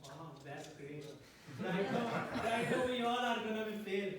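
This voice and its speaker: Over a noisy crowd, a pastor with a high-pitched, animated voice preaches to his congregation at normal speed, repeatedly asking "Amen?" English is not his first language. The sound is echoey and distant, captured in a church hall.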